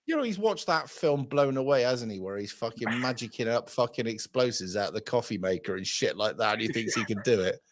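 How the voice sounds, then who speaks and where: Animated, sweary man hosting calls. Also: medium pitch, brisk, few pauses. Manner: sweary, jokey banter. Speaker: stream host taking calls. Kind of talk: casual call-in chat.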